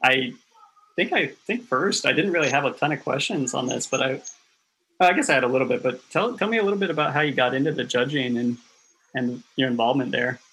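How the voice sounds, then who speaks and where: Man, podcast host, easygoing, gravelly, husky. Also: medium pitch, a little fast, a bit bright, low-quality recording. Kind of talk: casual interview chat.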